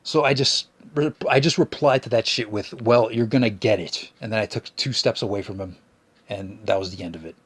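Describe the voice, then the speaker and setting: The host's voice is fairly low, fairly bright and slightly rough, and he talks briskly with no echo on the recording. On his podcast he rants and complains in a whiny, rambling, profane stream with many restarts.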